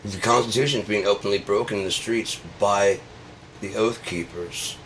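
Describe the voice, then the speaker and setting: Bright-voiced, profane ranting man. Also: fairly low pitch, fairly even intonation, normal speed, a little hiss or hum. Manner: sarcastic, profane, escalating. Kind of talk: profane comedic rant.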